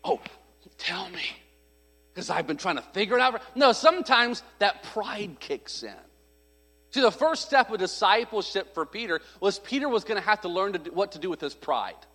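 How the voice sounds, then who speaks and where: A man's voice: high voice, expressive, a little fast, bright, forceful tone. A man preaching a sermon, telling a story in a conversational, humorous way and acting out the voices of people he quotes. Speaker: pastor. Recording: long hall reverb.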